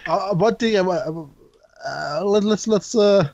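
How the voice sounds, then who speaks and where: A man co-hosting a podcast, chatting casually about films, excitable and stammering, laughing often. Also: high-pitched, takes it slowly, vocal fry, dry recording, dull audio. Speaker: podcast co-host. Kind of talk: casual film chat.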